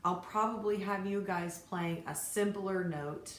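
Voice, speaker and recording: A woman's voice: mid-range voice, measured pace. A woman teaching fiddle to her students in a casual, encouraging way, counting beats and naming bow strokes aloud. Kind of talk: casual instructional talk to students. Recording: echoey room, faint background noise.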